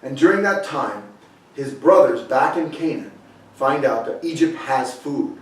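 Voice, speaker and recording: Heard from far off in a very echoey sanctuary hall, a man with a mid-range voice preaches expressively and unhurriedly. His sermon is conversational, retelling scripture with frequent restarts.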